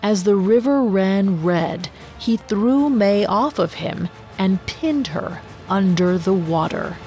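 Slow dramatic woman storyteller. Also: medium pitch, expressive, darkish tone, soft background music. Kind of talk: scripted story narration.

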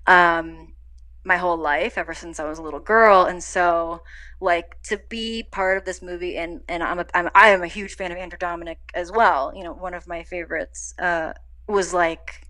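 Bright-voiced woman, animated storyteller. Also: moderate pace. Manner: animated storytelling, acts out quotes with big pitch jumps. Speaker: actor guest. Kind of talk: casual interview chat.

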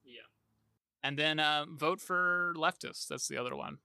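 Bright-voiced young man chatting casually. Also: a little high, a little slow, creaky, clean tone, dry recording, clean studio sound. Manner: laid-back, rambling, laughs easily. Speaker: podcast host. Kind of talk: casual chat.

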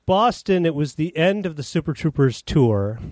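A man's voice: fairly high pitch, animated, moderate pace, a little mellow, dry recording, clean studio sound. A man, a film director, setting up a tour story in a laid-back way and handing it to his friends with questions. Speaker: podcast guest, film director. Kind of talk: casual storytelling chat.

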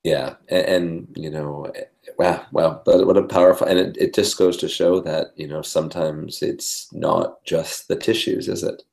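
A male podcast host with a very low, gravelly voice responds to his guest's story. He offers short reactions and easy conversational remarks, often with a laugh. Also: fairly even intonation, moderate pace, darkish tone. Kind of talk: casual interview chat.

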